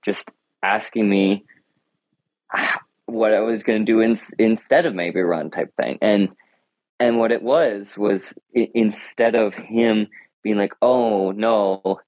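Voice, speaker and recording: A man's voice: on the low side, steady tone, slow, a little mellow, no echo. A teenage boy answering interview questions, earnest and reflective, often restarting his sentences. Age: teens. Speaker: high school runner, interview guest. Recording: dull lo-fi sound.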